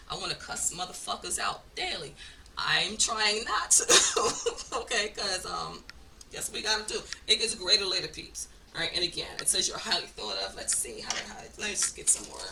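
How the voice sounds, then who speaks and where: A woman's voice: medium pitch, pushed and bright, far from the mic, a little hiss or hum. A woman giving a casual oracle card reading, blunt and profane, with frequent laughs. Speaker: spiritual card reader.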